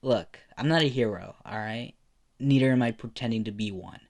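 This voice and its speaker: A man's voice: medium pitch, normal speed, creaky, natural voice. A brash teen boy hero, voiced by a man. He talks with a cocky, casual swagger. It is an unpolished fan-made storybook reading.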